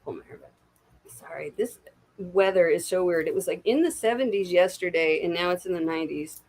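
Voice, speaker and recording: A woman's voice: fairly low pitch, a little fast, darkish tone. A woman giving casual livestream intuitive readings from her couch, chatty and swearing freely. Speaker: intuitive reader. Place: home, on a couch.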